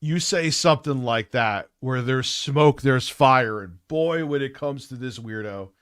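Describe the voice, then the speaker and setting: A man's voice: medium pitch, measured pace, fairly bright tone, smooth, dry recording, studio quality. A man hosting a livestream, reacting to clips with mocking, combative commentary. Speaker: livestream host.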